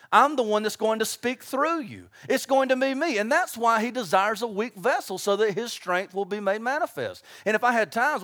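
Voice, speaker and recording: A man preaching a sermon, telling stories with acted-out voices and lively delivery. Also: high-pitched, dry recording, clean studio sound. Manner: animated storytelling with acted-out voices.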